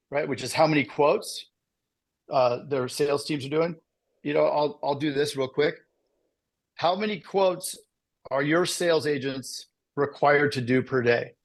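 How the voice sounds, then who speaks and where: A middle-aged man giving a casual motivational talk to insurance agents, telling his story with lively asides. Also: fairly high pitch. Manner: animated storytelling with frequent "right?" asides. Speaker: business speaker presenting to agents.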